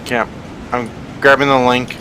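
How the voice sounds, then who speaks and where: A man's voice: medium pitch, level tone, unhurried, noisy background. A man, a player in a tabletop game, chatting casually over voice chat and rambling, constantly restarting and correcting himself.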